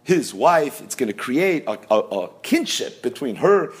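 A man's voice: medium pitch, unhurried. A man giving a Talmud lesson, explaining the text with emphatic questions and answers. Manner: lively, emphatic teaching with rhetorical questions. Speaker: Talmud teacher. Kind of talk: daf yomi Talmud lecture.

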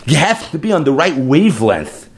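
A man's voice: a little high, moderate pace, a little hiss or hum. A man teaching a Talmud lesson as a story, acting out the quoted speech and mixing Hebrew and Yiddish terms into his English. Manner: lively storyteller who acts out quoted speech. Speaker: Torah teacher.

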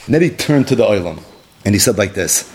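A man's voice: lowish voice, lively intonation, quick pace, darkish tone. A man telling a story as a sermon, impassioned and building to emphatic peaks, mixing Hebrew and Yiddish terms into his English. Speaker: preacher.

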